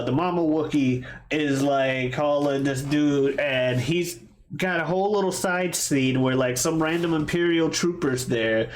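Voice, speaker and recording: Man, casual movie chat, animated, slightly high pitch, faint background hiss. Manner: animated, acts out lines in put-on voices, swears casually. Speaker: podcast co-host.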